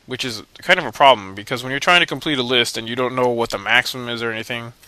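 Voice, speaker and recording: A man's voice: medium pitch, fast talker, pushed and bright, no echo. A young man hosting a let's play, giving casual, rambling gameplay commentary in a joking, self-mocking way.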